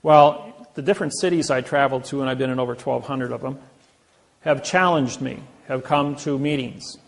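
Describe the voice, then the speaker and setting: Gravelly man telling courtroom stories. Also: mid-range voice, moderate pace. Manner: storytelling, acting out courtroom dialogue; rambling, self-correcting. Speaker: seminar lecturer. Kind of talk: informal lecture with anecdotes.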